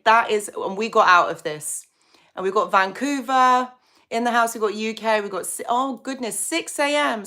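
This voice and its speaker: A woman's voice: mid-range voice, a bit bright. Bubbly chatty woman streaming live. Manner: bubbly, chatty, greets viewers by name. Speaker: psychology channel host. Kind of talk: casual live stream chat.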